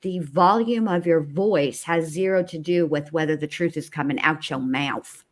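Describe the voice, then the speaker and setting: A woman co-hosting a casual true crime chat, emphatic and sassy, slowing down to land her points. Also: deep voice. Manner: emphatic, sassy, slows for punch lines. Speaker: co-host.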